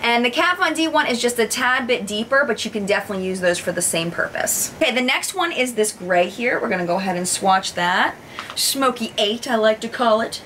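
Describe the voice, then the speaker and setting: A woman beauty vlogger doing a makeup review, showing swatches, gushing and exclaiming with excitement. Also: medium pitch, slight background noise.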